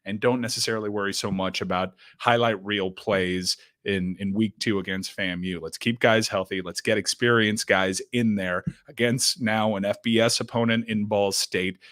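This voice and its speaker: A man with a fairly low voice talks through college football in a steady, analytical way. His voice is recorded close and dry, with no room sound. He co-hosts a casual sports podcast. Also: no room sound. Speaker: podcast co-host.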